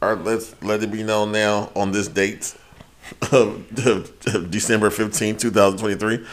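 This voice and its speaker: A man's voice: lowish voice, flat delivery, moderate pace. A man co-hosting a casual podcast, ranting with lots of profanity and quoting people in put-on voices. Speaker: podcast co-host. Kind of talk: casual chat.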